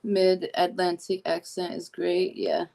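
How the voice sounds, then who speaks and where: A woman's voice: on the low side, completely flat delivery, slow pace, creaky, dark tone. A young woman casually chatting with a guest on a live stream, reading chat aloud and laughing easily. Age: young adult.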